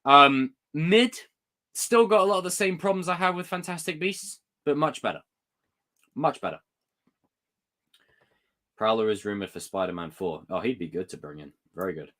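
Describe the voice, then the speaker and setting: A man's voice: medium pitch, animated, normal speed, long pauses, bright, forceful tone. A young man hosting a live stream, chatting casually about movies in a rambling way and acting out scenes in exaggerated voices.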